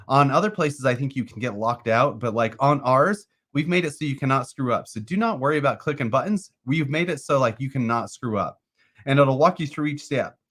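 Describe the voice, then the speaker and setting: A man's voice: mid-range voice, a bit bright. A man co-hosting an investing show, explaining a crypto process in a loose, rambling way full of fillers. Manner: rambling, uses lots of "like" and "uh". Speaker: co-host. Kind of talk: casual chat about crypto investing.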